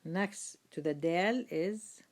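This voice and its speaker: A woman teaching Quran reading in a slow lesson, patiently sounding out each letter with its vowels and repeating it. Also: fairly low pitch.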